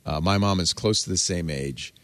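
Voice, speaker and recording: A man hosting a casual tech podcast, animated and jokey, going soft and low when talking about something personal. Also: normal speed, no room sound. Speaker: host.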